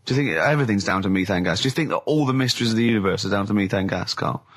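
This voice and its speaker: A middle-aged man hosting comic radio banter, animated and teasing, with quick bursts of laughter. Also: on the low side. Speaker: radio host.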